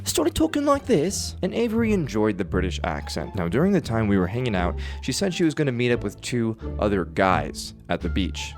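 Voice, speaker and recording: A man in his twenties telling a personal story in an animated, self-mocking way. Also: lowish voice. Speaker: vlogger.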